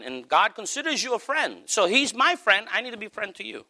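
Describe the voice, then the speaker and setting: Middle-aged guy preaching, bright forceful voice, pitched a bit high, repeats stuff for emphasis. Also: very animated, brisk. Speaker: pastor. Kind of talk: sermon.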